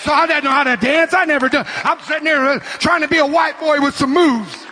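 High, bright-voiced preacher shouting a sermon. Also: male voice, normal speed, hardly any pauses, some chatter behind, slight background noise. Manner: shouting, urgent preaching with call-and-response. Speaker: pastor.

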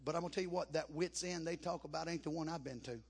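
A man preaching a Pentecostal camp meeting sermon, rising to chanted shouts and dropping to a hush. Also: fairly even intonation, fast talker. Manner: shouting, chanting cadence at its peaks, then dropping low and hushed.

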